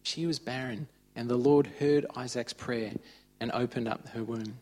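A man's voice: medium pitch, steady tone, moderate pace, a little mellow. A man giving an informal, conversational sermon. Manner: conversational, chatty retelling of stories. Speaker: preacher.

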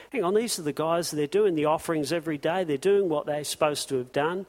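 A man's voice: on the high side, animated, a little fast, hardly any pauses. A man preaching an impassioned sermon to his congregation, firing off rhetorical questions. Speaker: pastor.

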